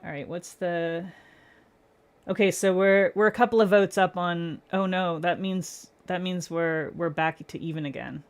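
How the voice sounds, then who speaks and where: Lowish and clean in tone, her voice stays fairly even and unhurried. Hosting a nail art livestream, she chats casually with viewers by name, laughs often, and explains her steps one by one as she works.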